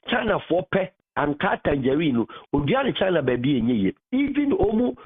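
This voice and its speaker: Animated Ghanaian radio host, husky voice. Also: male voice, a little high. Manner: animated, mixing Twi and English, rising to loud emphasis. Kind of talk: radio talk in Twi and English. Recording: phone-like radio broadcast audio.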